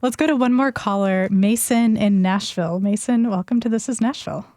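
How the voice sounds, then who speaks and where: A woman's voice: fairly high pitch, fairly quick, warm tone, no echo, studio quality. A woman hosting a call-in radio show, welcoming callers and asking follow-up questions in a friendly, inquisitive way. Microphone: studio mic.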